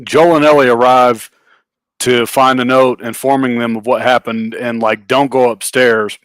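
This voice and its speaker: A man's voice: mid-range voice, level tone, normal speed, fairly bright tone, clean tone, no room sound, poor audio. A man co-hosting a live show review in a casual, laid-back way. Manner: casual, frequent short agreements. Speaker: podcast co-host.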